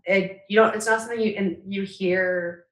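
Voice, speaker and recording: A woman's voice: medium pitch, steady tone, moderate pace, roomy sound, low-quality recording. A woman co-hosting a podcast in casual, heartfelt chat, emotional and rambling, full of "like" fillers. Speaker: podcast co-host.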